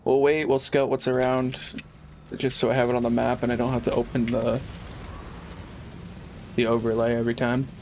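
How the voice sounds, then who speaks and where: A man's voice: mid-range voice, little pitch movement, normal speed, pauses often, a little mellow, a little hiss or hum. A young man chatting casually while streaming a game, rambling and laid-back, swearing freely. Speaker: live streamer. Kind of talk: casual gaming livestream chat.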